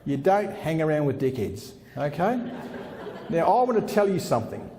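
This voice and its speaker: A man's voice: on the high side, big pitch swings, normal speed, mellow. A middle-aged man giving a blunt, punchy motivational speech at a conference, repeating lines for effect and calling the crowd "folks". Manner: keeps calling the audience "folks". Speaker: organizational consultant giving a keynote. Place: large conference room with about 400 people. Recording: long hall reverb.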